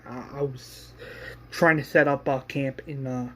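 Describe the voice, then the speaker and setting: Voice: medium pitch, steady tone, bright, forceful tone. Glenn, a narrator doing a nervous rambling young man. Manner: halting, repetitive, many restarts.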